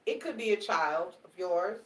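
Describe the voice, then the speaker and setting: A woman giving a live tarot reading, animated and repetitive, speaking straight to her audience. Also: fairly low pitch, normal speed, echoey room, far from the mic. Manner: animated, repetitive, swears casually, talks to the audience directly. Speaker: tarot reader.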